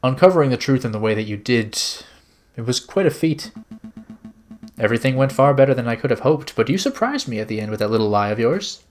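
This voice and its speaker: Man doing a grave male prosecutor, measured, serious, unhurried game voice. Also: mid-range voice, animated, a little mellow, natural voice.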